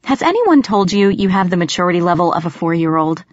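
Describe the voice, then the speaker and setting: A woman voicing a quick-tempered teenage farm girl who answers back indignantly. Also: lowish voice, sing-song, no echo. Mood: angry. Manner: indignant, snappish. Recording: dry, slightly muffled.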